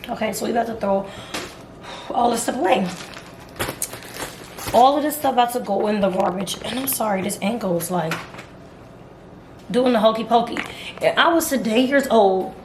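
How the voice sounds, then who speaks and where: A young woman with a hoarse voice, chatting casually to her camera at home and calling the viewer "girl" and "y'all". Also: fairly high pitch, moderate pace, pauses often, recorded from a distance, background noise. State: hoarse from singing. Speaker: vlogger. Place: home apartment, kitchen and bathroom. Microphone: camera on a tripod. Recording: echoey room with music behind.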